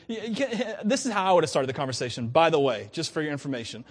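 Casting: male pastor with a high, bright voice, chatty sermon delivery, quick to laugh and play out quotes. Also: husky. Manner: lively, conversational, laughs often, acts out quotes.

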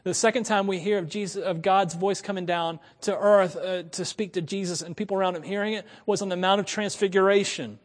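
A male pastor preaching a sermon, swinging between quiet asides and loud, emphatic passages. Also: sits high, fairly even intonation, brisk, few pauses, in a large hall.

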